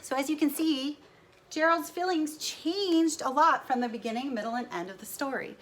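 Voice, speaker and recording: A woman's voice: high voice, moderate pace, a little hiss or hum. A woman teaching first graders, narrating cheerfully as she draws. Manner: cheerful, narrating while drawing. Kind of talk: recorded lesson with drawing.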